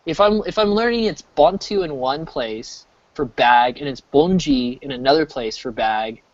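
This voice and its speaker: A man's voice: fairly high pitch, normal speed, no echo. Rambling American man on a dull mic. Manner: rambling, restarts often, animated. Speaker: streamer. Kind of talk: casual chat. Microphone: desk mic.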